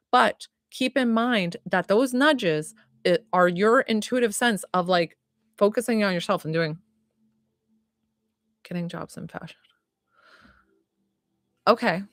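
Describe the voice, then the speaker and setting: A woman's voice: mid-range voice, no room sound. Woman psychic reader, chatty, giggly, close dry mic. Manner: chatty, many likes and ums, giggly. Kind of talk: live-stream psychic reading.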